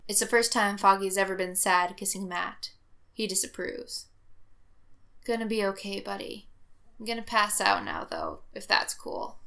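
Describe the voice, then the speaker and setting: Woman narrator, bright and expressive, reads fiction aloud. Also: medium pitch. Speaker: reader. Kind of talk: audiobook narration of fan fiction.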